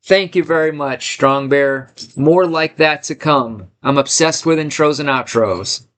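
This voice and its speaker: A man's voice: a little high, measured pace, a bit bright. A man hosting a live stream from his home studio, hyped and greeting chat viewers one by one. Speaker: livestream host.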